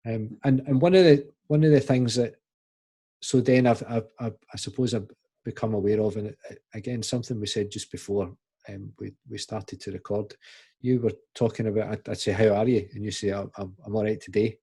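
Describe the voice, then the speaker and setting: A man's voice: on the low side, fairly even intonation, fairly quick, vocal fry, warm tone, husky. A man hosting a podcast conversation, thinking aloud in a thoughtful, rambling way with lots of fillers. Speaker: podcast host. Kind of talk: conversational interview.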